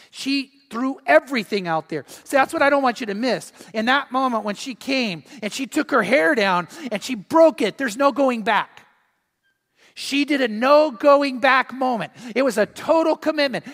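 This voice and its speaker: A man preaching a sermon as pastor, telling stories with lively quoted voices. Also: high-pitched, big-room sound. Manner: storytelling with animated quoted voices.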